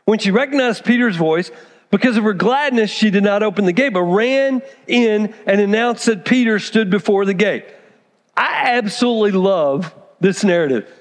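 Brief: high-pitched male pastor, animated sermon storytelling, long reverb of a church hall. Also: moderate pace. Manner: animated storytelling, acts out characters.

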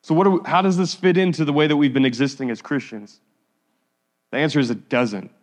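A man preaching a sermon as pastor, earnest and pleading, reading scripture slowly. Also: fairly high pitch. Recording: long reverb of a hall.

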